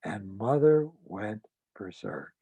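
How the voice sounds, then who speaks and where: A man, a psychotherapist, recounting a client's case in a measured, deliberate way. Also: on the low side, big pitch swings, warm tone, slightly rough, no echo, rough recording.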